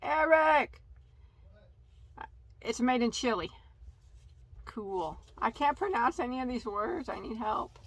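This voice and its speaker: A woman's voice: on the high side, lively intonation, unhurried, husky. A woman hosting a casual yarn haul video, chatty and tripping over yarn names. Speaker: crochet channel host.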